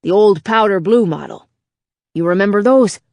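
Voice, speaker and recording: A woman's voice: medium pitch, expressive, moderate pace, darkish tone, no room sound, natural voice. A woman voicing a Chicago-accented robot bartender. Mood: lively. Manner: brash, profane working-class bar talk. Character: worn-out male robot bartender, crude and confused.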